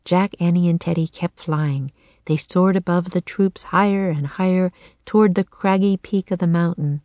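A woman's voice: fairly low pitch, steady tone, warm tone, no room sound. Woman reading a children's audiobook. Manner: clear, measured storytelling. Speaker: audiobook narrator.

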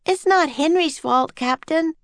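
A woman's voice: sits high, unhurried, no room sound, pitched above the performer's own voice. A woman voicing Annie, an eager, bold young girl who pipes up. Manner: piping, eager.

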